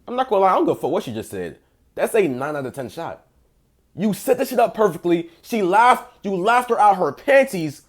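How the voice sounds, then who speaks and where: A young man with a fairly high, very animated voice that swings widely up and down, reacting to screenshots as a dating coach. He trash-talks bluntly, swears freely, and mixes in basketball slang as he rates each exchange out of ten. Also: moderate pace. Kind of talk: casual reaction commentary.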